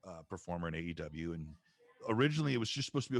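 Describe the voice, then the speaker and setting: A man's voice: low voice, racing, no echo. A man, a voice actor, telling stories in a casual livestream chat, acting out the people he quotes. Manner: animated storyteller acting out quotes. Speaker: voice actor guest. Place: home, livestream call.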